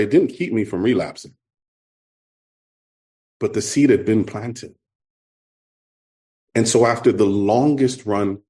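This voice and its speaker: Middle-aged man, New York accent, earnest halting testimony at a recovery meeting, lowish voice. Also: darkish tone. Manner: earnest, halting, repeats himself. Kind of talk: personal testimony talk.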